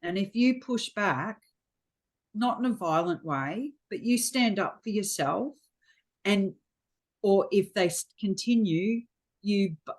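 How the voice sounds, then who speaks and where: Chatty middle-aged Australian woman. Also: low-pitched. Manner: frank, chatty storyteller acting out quotes. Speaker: guest. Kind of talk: casual interview chat.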